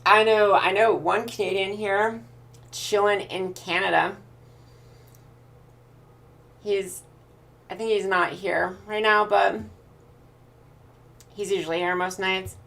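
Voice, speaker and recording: Woman streamer, Pacific Northwest American accent, relaxed and unhurried, gravelly edge, faint music underneath. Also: mid-range voice. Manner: relaxed, thinks aloud with restarts while reading chat. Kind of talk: casual chat answering viewers.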